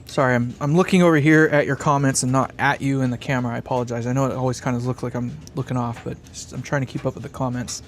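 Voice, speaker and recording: At a workshop bench, a man building a guitar amp rambles through a casual live stream, reading comments, thinking aloud and chuckling often. His mid-range voice stays steady and fast with few pauses, and there's slight background noise.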